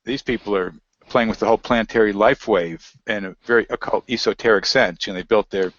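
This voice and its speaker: A man with a fairly low, fairly bright voice speaks briskly as a guest in a casual interview, drifting from thought to thought and reading passages aloud from web pages. The audio is dry, muffled and lo-fi, with no room echo.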